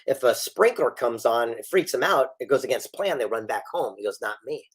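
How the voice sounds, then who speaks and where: A man's voice: medium pitch, lively intonation, moderate pace, slightly rough. A middle-aged man, a guest author and speaker, telling stories in an interview and acting out the dialogue he quotes. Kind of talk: storytelling interview.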